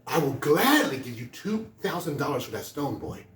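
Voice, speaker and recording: A man's voice: fairly high pitch, very animated, moderate pace, fairly bright tone, slight background noise. A man as a brusque museum manager. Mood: curt. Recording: echoey room from a distance.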